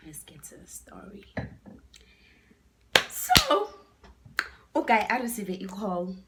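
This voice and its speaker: A woman's voice: medium pitch, normal speed, heavy background noise. Chatty South African woman telling a story. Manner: chatty, switching between English and Zulu, animated with whispered asides. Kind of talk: casual storytime vlog.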